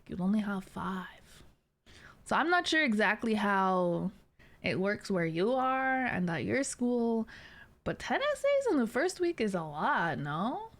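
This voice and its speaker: A woman's voice: medium pitch, gravelly. A young adult woman streamer chatting casually with viewers, laughing often and teasing.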